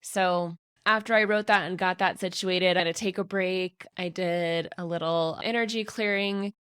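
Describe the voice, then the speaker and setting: A woman's voice: lowish voice, fairly even intonation, normal speed, a bit bright, clean tone, no room sound, clean studio sound. A woman hosting a podcast and sharing personal feelings openly, sometimes tearful, talking straight to her listeners. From Colorado, USA. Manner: candid and emotional, talking through tears. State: tearful at times. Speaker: podcast host.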